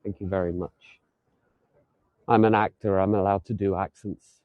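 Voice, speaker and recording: A man's voice: low-pitched, little pitch movement, moderate pace, no echo, lo-fi sound. A man giving a live walking tour outdoors, chatting and joking lightly as he strolls the streets. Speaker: tour guide.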